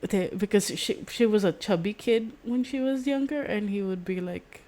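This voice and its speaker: A woman's voice: medium pitch, moderate pace, dark tone. A woman streamer chatting casually, rambling and giggling often, with casual swearing. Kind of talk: casual chat.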